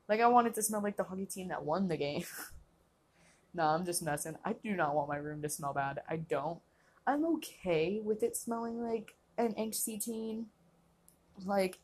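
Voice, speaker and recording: Husky-voiced young woman, rambling podcast chat. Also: medium pitch. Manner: rambling, laughs often, says "like" constantly. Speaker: podcast host. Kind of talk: casual solo podcast chat.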